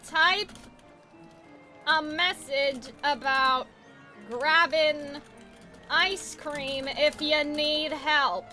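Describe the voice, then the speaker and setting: A woman streamer with a very high, ringing voice that carries a bright, sharp edge. She talks to her viewers in an excitable, giggly way. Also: very slow, pauses often, soft background music. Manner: giggly and excitable, exclaims often. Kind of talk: live game commentary.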